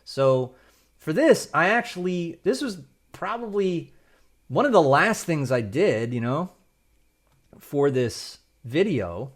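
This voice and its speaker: A man's voice: a little high, sing-song, slow pace. A man, a video creator, casually walks through how he wrote his prompts, rambling and checking in often. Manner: loose and rambling, tags lines with "right?". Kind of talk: casual tutorial talk.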